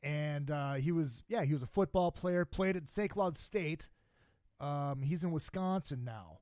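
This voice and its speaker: A man's voice: fairly high pitch, measured pace, darkish tone, no room sound, clean studio sound. A man from Minnesota with a slight Minnesota accent, hosting a podcast in an easygoing, agreeable way. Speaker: podcast host. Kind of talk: casual podcast chat.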